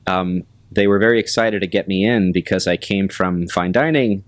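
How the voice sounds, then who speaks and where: A man with a very low, deep voice talks through his career as a guest on an interview podcast. He speaks in a measured, halting way, with plenty of pauses and restarts. The sound is dry and close. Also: no room sound. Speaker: restaurant general manager, guest. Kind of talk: casual interview talk.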